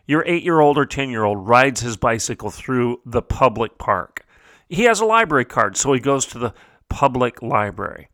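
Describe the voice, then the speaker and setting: Male talk-show host, bright forceful voice, emphatic rhetorical monologue, dry close studio mic. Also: medium pitch, big pitch swings, moderate pace, no echo. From United States. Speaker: podcast host.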